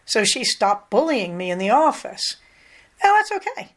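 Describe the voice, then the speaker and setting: An older woman hosting a podcast, talking candidly in a casual, conversational monologue with lively emphasis. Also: a little high, normal speed. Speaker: podcast host.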